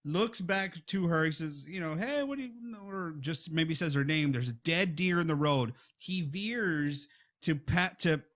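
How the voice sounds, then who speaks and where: A man co-hosting a horror film podcast, retelling a scene in lively casual chat and acting out the characters' lines. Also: fairly high pitch, unhurried. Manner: animated storytelling, acts out quotes. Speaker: podcast co-host.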